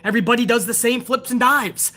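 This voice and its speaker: Brief: profane, incredulous female host woman ranting at a live chat, husky and fairly high. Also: fairly quick, pushed and bright. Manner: reads out and answers chat viewers. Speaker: show host. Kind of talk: heated wrestling show rant to a live chat.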